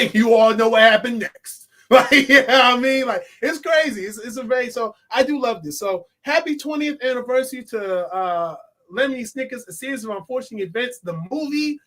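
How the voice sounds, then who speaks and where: A man reviewing a movie in a casual, excitable vlog, swearing and laughing often. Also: extremely high pitch, moderate pace.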